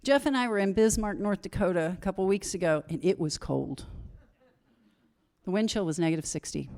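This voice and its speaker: A woman's voice: mid-range voice, a little fast, a little mellow. A middle-aged woman speaking candidly to an audience at a recovery conference, self-deprecating and building to emphatic repetition.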